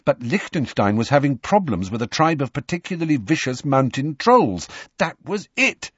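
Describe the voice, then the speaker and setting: A man reading a storybook aloud as narrator, with a slow and measured delivery. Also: medium pitch, slightly rough, no echo. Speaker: audiobook narrator. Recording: dull lo-fi recording.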